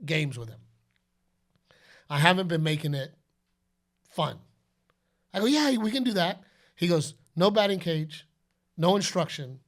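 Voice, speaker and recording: A middle-aged man hosts a podcast, his voice fairly high and a little slow, with frequent pauses. He chats casually and tells stories with animation, acting out quotes and announcer calls.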